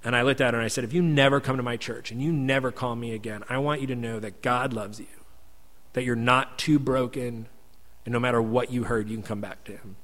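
A man's voice: medium pitch, steady tone, a little fast, fairly bright tone, in a large hall. A male pastor telling a personal story as a sermon in an earnest, conversational way. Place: church sanctuary.

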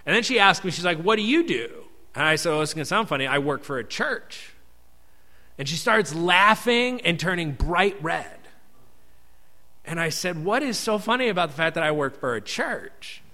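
A man's voice: fairly high pitch, sing-song, normal speed, sharp tone, in a large hall. A male pastor telling a personal story as a sermon in an earnest, conversational way. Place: church sanctuary.

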